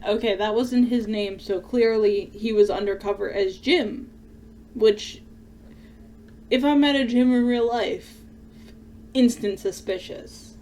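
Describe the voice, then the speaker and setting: A woman's voice: on the high side, takes it slowly, pauses often, dark tone. A woman streaming a video game playthrough, cracking sarcastic jokes about the story. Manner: joking, sarcastic, laughs often. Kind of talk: let's-play commentary.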